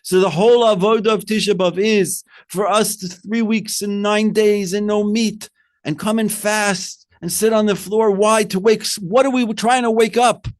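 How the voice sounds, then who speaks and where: A rabbi giving a Torah talk, asking rhetorical questions and weaving in Hebrew terms, swinging between soft and loud emphasis. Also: male voice, high voice, steady tone, moderate pace.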